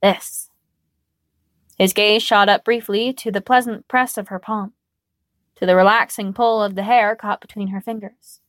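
A woman narrating a story aloud with a calm, even reading manner. Her mid-range voice is recorded dry and close. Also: medium pitch, moderate pace, no room sound.

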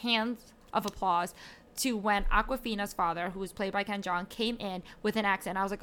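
A woman's voice: medium pitch, steady tone, fairly quick, fairly bright tone. A woman giving frank, emphatic opinions about movies in a casual conversation. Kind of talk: casual film discussion.

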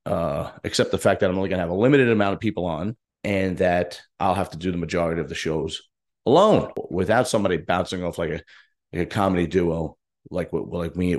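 Brief: male solo show host, lowish voice, rambling and self-deprecating. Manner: rambling, self-mocking, loose restarts. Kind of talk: casual solo monologue.

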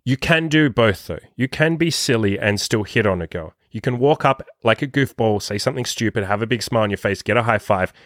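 A man giving dating advice as a podcast host, talking casually and swearing a lot, acting out quoted lines in a higher voice. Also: fairly quick, few pauses, dry recording, studio quality. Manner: profane, animated, acts out his own quotes in a higher voice. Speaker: dating coach.

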